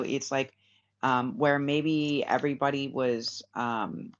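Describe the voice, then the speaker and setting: A tarot reader hosting a casual spiritual reading for viewers, rambling and repeating phrases with many fillers. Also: medium pitch. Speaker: tarot reader, channel host. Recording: slightly dull lo-fi sound with faint hiss.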